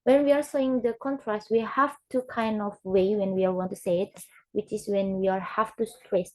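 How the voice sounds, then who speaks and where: A young woman, a student giving a class presentation, who talks haltingly and repeats example words aloud. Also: mid-range voice, steady tone, rough recording. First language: Indonesian.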